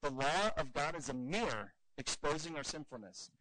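A man teaching evangelism in an earnest, animated way, telling stories and acting out the dialogue. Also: fairly high pitch, normal speed, background noise. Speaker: evangelism trainer.

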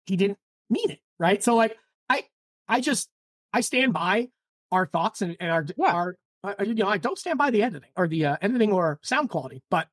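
Woman podcast host, lively up-and-down pitch, slightly husky, dry close sound. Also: a little fast, dry recording. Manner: chatty, lots of "like" and restarts. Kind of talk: casual book-club chat.

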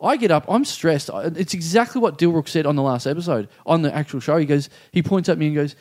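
Aussie guy rambling thru a story on a comedy podcast, kinda high voice, laughs a lot. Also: quick pace, darkish tone. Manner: rambling, laughs through his own story. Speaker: podcast regular.

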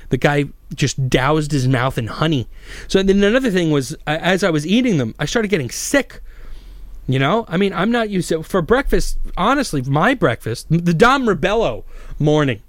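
A man's voice: medium pitch, dry recording. A man hosting a podcast, rambling casually and swearing constantly as he tells stories and reads news. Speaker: podcast host. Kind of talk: casual profane podcast monologue.

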